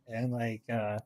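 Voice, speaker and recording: A man's voice: medium pitch, a little mellow. A young man co-hosting a podcast in casual chat, often laughing through what he says. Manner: giggly, laughs through his lines. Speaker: podcast co-host.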